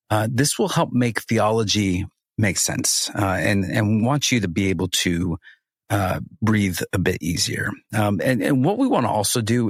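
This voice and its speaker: A man's voice: fairly low pitch, dry recording, clean studio sound. A man co-hosting a podcast who guides the conversation in an upbeat way and laughs easily. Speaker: podcast co-host.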